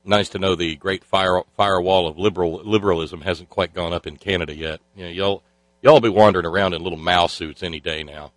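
A man with a fairly low voice delivers biting, sarcastic commentary as a talk show host. He rambles and stumbles through filler sounds, and his voice sits dry and close to the mic. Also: steady tone, a little fast, no echo, rough recording. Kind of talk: sardonic political commentary.

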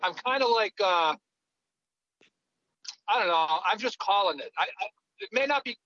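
A man co-hosting a talk show, chatting about politics in a halting way with many restarts. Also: high-pitched, animated, bright, forceful tone, dry recording, highs cut off.

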